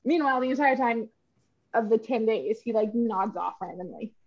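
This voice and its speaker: A woman's voice: fairly high pitch, normal speed, dull audio. A woman co-hosting a podcast, telling a long story in casual chat, swearing freely and acting out the people in it. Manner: animated, swearing, laughing, acts out voices in her story. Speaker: podcast co-host.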